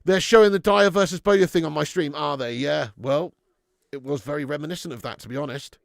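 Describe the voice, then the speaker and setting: A man's voice: a little high, brisk, vocal fry, no echo, clean studio sound. A man hosting a live football watch-along, swearing often and reading out viewer messages. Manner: sweary, animated, reads viewer messages aloud. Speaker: fan channel host.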